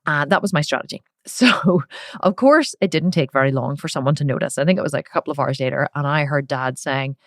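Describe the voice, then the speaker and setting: A middle-aged woman, hosting a podcast and telling a personal story in a frank, animated way with casual swearing. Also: low voice, brisk, dry recording, clean studio sound. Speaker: podcast host. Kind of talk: candid personal storytelling monologue.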